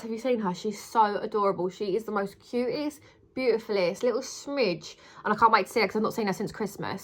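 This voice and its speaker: A woman's voice: fairly high pitch, fairly bright tone. A young woman chatting casually to camera, gushing and emotional, repeating words for emphasis. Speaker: vlogger.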